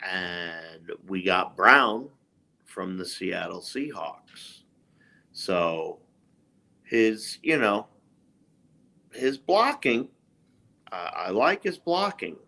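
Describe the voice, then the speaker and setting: A man's voice: low-pitched, sing-song, extremely slow, vocal fry, pauses often, sharp tone. A man co-hosting a casual sports podcast, giving emphatic fan opinions. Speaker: podcast co-host. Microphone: live stream microphone.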